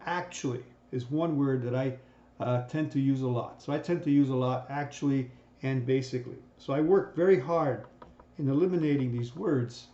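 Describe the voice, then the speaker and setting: With a mellow, medium-pitched voice at normal speed, a man gives a conversational recorded lesson on communication. He keeps restarting his sentences and checks in with "right?" often. The recording comes across as roomy and dull.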